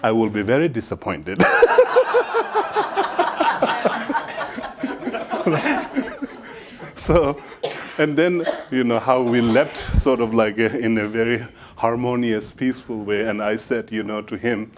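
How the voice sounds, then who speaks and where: A man's voice: medium pitch, fairly even intonation, normal speed, very noisy. A man giving a Buddhist dharma talk to an audience, telling stories in an easygoing, humorous way with many casual fillers. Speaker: Buddhist teacher.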